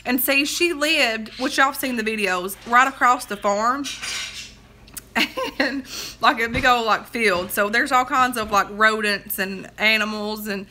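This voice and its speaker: Bright-voiced chatty woman. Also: fairly high pitch, measured pace, a little hiss or hum. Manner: chatty, drawling, digresses and laughs at her own stories. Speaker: livestream host. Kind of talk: rambling casual chat. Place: at home, crunched up on a couch.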